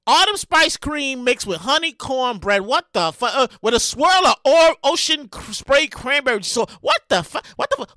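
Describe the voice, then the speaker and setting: A woman hosting a comedic news podcast, talking in a loud, exasperated and animated way, swearing and repeating herself. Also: a little high, dry recording. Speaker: podcast host.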